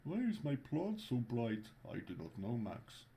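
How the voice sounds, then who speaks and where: Bickering little cartoonish characters squabble in a put-on Scandinavian accent, as a man plays them for laughs. The banter is silly, slow and drawn out, with the pitch jumping up and down between the two. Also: sing-song, vocal fry, warm tone.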